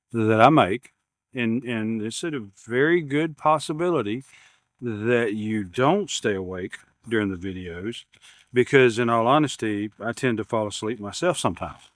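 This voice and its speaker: A man's voice: mid-range voice, no room sound, clean studio sound. A man, rambling casually as he unboxes gear at his workshop bench. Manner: rambling, repeats words, self-deprecating humor. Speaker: YouTube maker unboxing camera gear.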